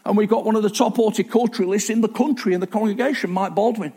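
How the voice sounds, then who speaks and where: A man's voice: sits high, steady tone, fast talker, warm tone, husky. A man preaching a sermon in a chatty, self-deprecating way, with asides and restarts.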